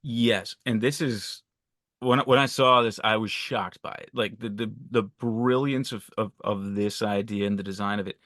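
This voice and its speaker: Excited guy gushing about a movie scene, repeats himself a lot, dry mic. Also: on the low side, normal speed, no room sound. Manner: enthusiastic, stammering repetitions. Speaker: podcast guest. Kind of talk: casual podcast film discussion.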